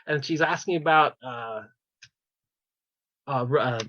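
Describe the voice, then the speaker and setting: A man with a medium-pitched, sharp-toned voice speaks a little slowly while co-hosting a casual pop culture podcast, animatedly retelling a show with plenty of "like"s and restarts. The recording is dry and slightly dull.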